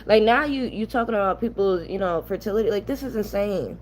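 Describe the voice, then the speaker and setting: A woman's voice: mid-range voice, fast, hardly any pauses, a little hiss or hum. Heated, blunt young New woman. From New York. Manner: blunt, ranting, profane. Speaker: commentary channel host. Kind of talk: heated casual commentary.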